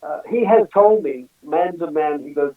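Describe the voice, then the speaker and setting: A man's voice: a little high, moderate pace. A man telling stories in a casual interview, chatting freely and laughing often. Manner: chatty storyteller, laughs often, many "you know"s. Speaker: singer and guest. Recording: tinny phone line, echoey and distant.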